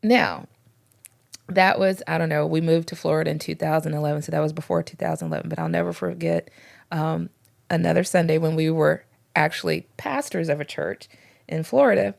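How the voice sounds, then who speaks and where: A woman's voice: sits low, a little fast, creaky. A middle-aged woman co-hosting a faith podcast, telling church stories and acting out the dialogue in them. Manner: storytelling, acts out dialogue with lively voices. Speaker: podcast co-host, former pastor's wife. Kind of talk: casual faith discussion.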